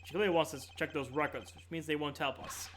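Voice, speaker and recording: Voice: medium pitch, steady tone, a little hiss or hum, close to an everyday voice. A streamer doing a poised, formal male prosecutor. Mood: stern, probing. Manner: measured, formal, pointed questioning. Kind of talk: reading a video game's dialogue aloud on stream.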